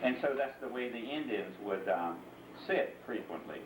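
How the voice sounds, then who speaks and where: A man's voice: mid-range voice, normal speed, background noise. Patient man telling a story in an echoey room. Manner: patient, calm, asks the listener to join in. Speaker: interviewee and storyteller. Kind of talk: teaching a child, storytelling. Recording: echoey room, mic at a distance.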